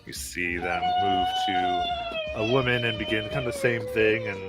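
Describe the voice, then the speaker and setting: A man narrating as game master of a tabletop game, with halting narration full of fillers. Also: medium pitch, wildly swooping pitch. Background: music.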